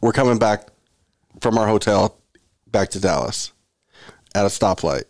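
A man in casual sports banter, mid-pitched and lively, acting out what people said and laughing through his stories. The sound is dry and close, with no room around it. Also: measured pace, dry recording. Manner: animated storyteller, laughs often, acts out quotes. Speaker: podcast co-host.

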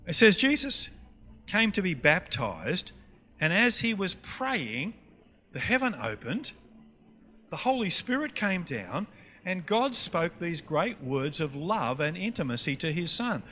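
A man's voice: high voice, very animated, a little slow, sharp tone. A man with a North Queensland Australian accent, preaching a teaching session and quizzing the audience with questions. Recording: long hall reverb, faint music.

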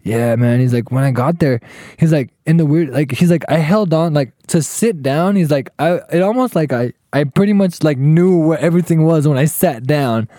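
A man's voice: a little high, normal speed, dry recording, studio quality. Profane young man telling a wild story. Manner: profane, animated, acts out quotes. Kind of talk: casual storytelling with friends.

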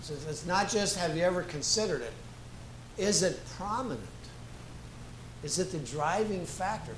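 A man preaching as a guest pastor, slow and emphatic, repeating key phrases for weight. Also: high voice, animated. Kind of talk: sermon. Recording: echoey room with faint ambient noise.

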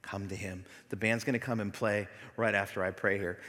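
A middle-aged male pastor giving a sermon, moving between loud, emphatic preaching and soft, near-whispered passages. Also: on the low side, fairly even intonation, brisk. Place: church sanctuary. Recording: long hall reverb.

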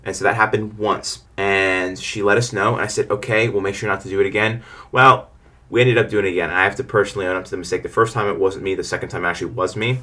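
A man's voice: deep voice, fairly even intonation, fast talker, bright, forceful tone. A young man who runs a lawn care business tells stories about clients and gives frank advice in a rambling way. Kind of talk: casual advice monologue.

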